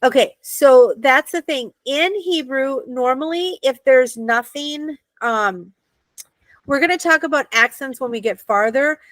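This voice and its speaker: A woman's voice: fairly high pitch, fairly bright tone, no echo. Upbeat American woman teaching a class. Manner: patient, checks understanding often. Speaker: Hebrew teacher.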